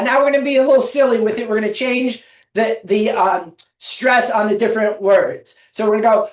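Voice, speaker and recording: A woman's voice: fairly high pitch, fairly even intonation, fairly quick. A woman presenting a webinar, leading listeners through a guided exercise and chanting affirmations with them in an encouraging way. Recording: echoey room, mic at a distance.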